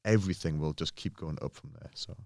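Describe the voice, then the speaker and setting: A man's voice: extremely low pitch, fast, dry recording, clean studio sound. A man from England, a guest telling personal stories in casual, earnest conversation. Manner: earnest, mimics others' voices in anecdotes. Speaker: podcast guest, pro bodybuilder.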